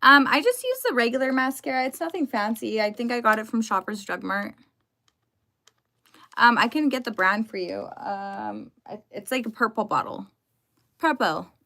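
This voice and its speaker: Young woman, live streamer, bright clear tone, chatty, greets viewers by name, casual talk from home. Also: a little high, sing-song, normal speed.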